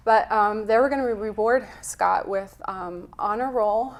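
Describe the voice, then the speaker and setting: A woman's voice: mid-range voice, unhurried. Woman health coach chatting in an interview, earnest storyteller, gets a bit emotional. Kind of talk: conversational interview.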